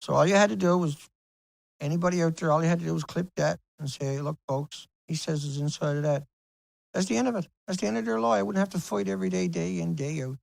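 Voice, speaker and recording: A man's voice: fairly high pitch, fast talker, vocal fry, no room sound, poor audio. A man ranting to camera in an angry vlog, heated and profane, repeating himself. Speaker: video blogger.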